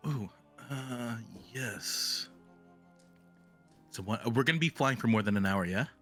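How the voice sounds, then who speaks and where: Bright-voiced man rambling at the table. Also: medium pitch, expressive, measured pace, faint music behind. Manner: rambling, lots of fillers. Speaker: player. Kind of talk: playing a tabletop game.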